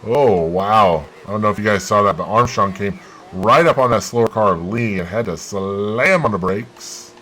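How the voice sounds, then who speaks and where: A man hosting a gaming channel, giving excitable play-by-play of his racing game and bursting into loud exclamations. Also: on the low side, normal speed, low-quality recording.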